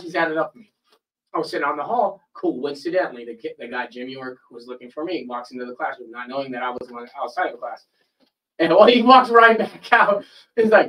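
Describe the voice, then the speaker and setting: A man's voice: fairly high pitch, quick pace, recorded from a distance, rough recording. A man, a podcast host, telling a long story in casual chat, swearing freely and acting out the people he quotes. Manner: animated, profane, acts out quoted people. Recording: voice a bit off-mic.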